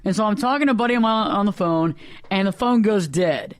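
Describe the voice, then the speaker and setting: A man hosting a radio talk show, telling anecdotes in lively casual chat and acting out the people in them. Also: sits high, a little fast, smooth, no room sound. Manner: animated, acts out voices in anecdotes.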